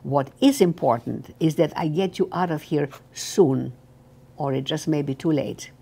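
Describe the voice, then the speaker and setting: Old lady reading a young german guard talking low and soft, urgent, kinda gravelly. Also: unhurried, heavily acted. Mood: hushed, urgent. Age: older. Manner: low hushed urgent pleading. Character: young male German guard, tender and secretive.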